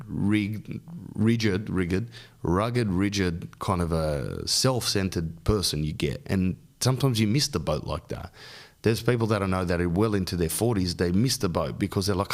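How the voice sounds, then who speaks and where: A man with a notably low voice hosts a podcast, speaking into a microphone. He hands out advice in a loose, rambling way, full of slang and repeated "bro"s. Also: lively intonation, a little slow. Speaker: podcast host. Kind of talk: casual advice chat.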